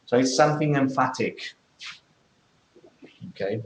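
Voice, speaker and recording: A man's voice: mid-range voice, measured pace, reverberant, slight background noise, rough recording. A man teaching English in a classroom, explaining things step by step and checking in with many okays. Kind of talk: classroom lesson.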